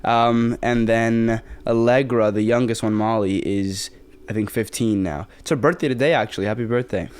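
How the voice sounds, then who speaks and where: A man's voice: mid-range voice, steady tone, normal speed, a little mellow, clean tone. A young man in his twenties from the Bronx, an actor guest chatting casually in an interview, rambling with lots of fillers and restarts. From the Bronx, New York. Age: 20s.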